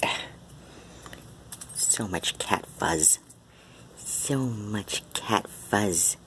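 A man at home filming his cats, talking to them in a soft sing-song baby talk. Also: on the low side, very slow, slight background noise. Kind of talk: casual cooing talk to pets. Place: home indoors. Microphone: handheld camera.

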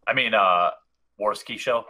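A man's voice: on the low side, a little slow, bright, forceful tone. A man in a casual online chat who eggs the others on and laughs often. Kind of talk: casual profane group chat.

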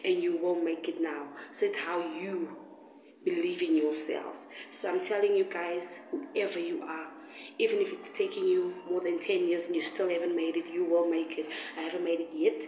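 A woman's voice: fairly low pitch, darkish tone, a little hiss or hum. A woman street singer speaking to her viewers with earnest, determined encouragement, recorded outdoors on a street. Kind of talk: motivational vlog address. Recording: roomy, distant mic with faint street ambience.

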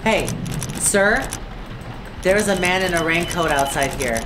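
A woman's voice: on the low side, lively intonation, measured pace, noisy background. A woman hosting a horror game let's play, jumpy and crude, often screaming. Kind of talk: casual gaming commentary. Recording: echoey room with game music.

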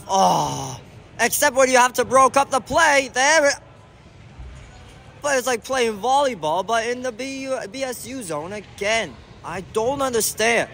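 Excitable man calling amateur soccer. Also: sits high, a little hiss or hum. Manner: shouts and groans at the play, talks to the referee. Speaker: amateur commentator. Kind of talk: excited sideline commentary. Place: indoor soccer venue.

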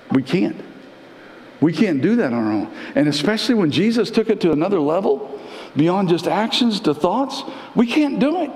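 A male pastor giving a conversational live sermon, repeating phrases and climbing in pitch to press his points. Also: a little mellow, a little hiss or hum. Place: church sanctuary. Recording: roomy church with long reverb.

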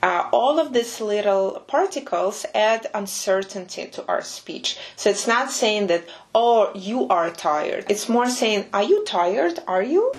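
A woman who speaks natively, teaching English-speaking learners, explaining and repeating words slowly and carefully. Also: mid-range voice. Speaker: Russian language teacher. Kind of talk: language lesson commentary.

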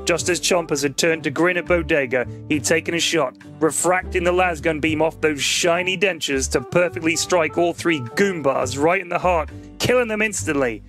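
A man on a podcast reading a comedic sci-fi story aloud to co-hosts, in a mostly deadpan delivery. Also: fairly high pitch, moderate pace, hardly any pauses, soft background music.

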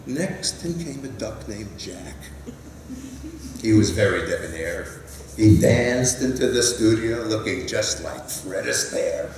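Older male storyteller, 60s, lively rhyming read-aloud, unhurried; echoey hall, mic far off. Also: fairly low pitch, a little hiss or hum. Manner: rhythmic, lively rhyming delivery. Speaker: author reading his picture book. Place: conference hall. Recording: roomy hall, mic at a distance.

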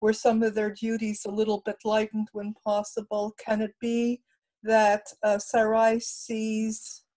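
A woman taking part in a study discussion, speaking in a reflective, measured way. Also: medium pitch, monotone, warm tone. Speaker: session participant. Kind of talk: thoughtful discussion.

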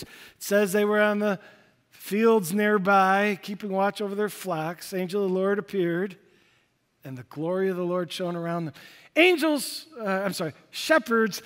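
A man preaching a sermon as a pastor, shifting between loud declarations and hushed, quiet passages. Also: sits high. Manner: dynamic, swinging from loud to hushed. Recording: long church reverb.

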